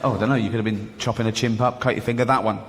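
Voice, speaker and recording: A man performing a stand-up routine, deadpan storytelling with acted-out dialogue. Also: on the low side, very fast. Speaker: stand-up comedian. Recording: reverberant venue, faint noise.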